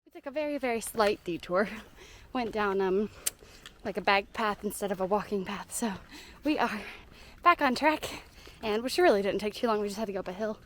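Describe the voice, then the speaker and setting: A woman's voice: mid-range voice, moderate pace, slight background noise. A young woman with a Southern US accent, chatting cheerfully to camera while walking a hiking trail outdoors and laughing often. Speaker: hiking vlogger. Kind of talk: casual hiking vlog narration.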